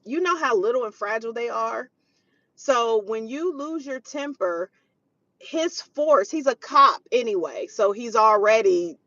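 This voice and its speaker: A woman's voice: fairly high pitch, a bit bright, dry recording. Woman host, live stream, chatty and preachy, dull lo-fi sound, dry room. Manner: chatty, preachy, quotes scripture, greets viewers mid-story. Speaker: parenting show host.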